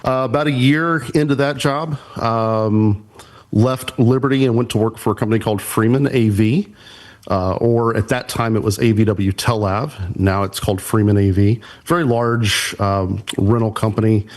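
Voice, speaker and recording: A man's voice: on the low side, steady tone, moderate pace, darkish tone. A middle-aged man, a church production pastor and podcast guest, telling easygoing stories and politely answering with "sir". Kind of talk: casual podcast interview.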